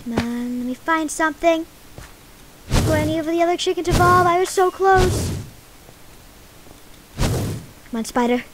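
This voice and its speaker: A woman playing a video game live, excitedly talking to the creatures on screen and crying out when things go wrong. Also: very high-pitched, measured pace, pauses often, background noise. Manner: excitable, talks to game creatures, bursts of cries. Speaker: gamer playing a minigame server. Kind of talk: live gameplay commentary.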